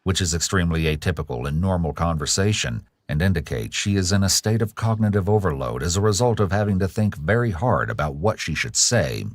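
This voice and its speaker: Male documentary narrator, deep, measured, dry studio sound. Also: lively intonation, no room sound. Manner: measured, analytical. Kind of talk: scripted true crime narration.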